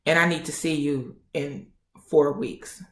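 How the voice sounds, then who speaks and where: A woman voicing a calm, firm female doctor who speaks in a soothing, steady way. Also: deep voice, a little slow. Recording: roomy echo.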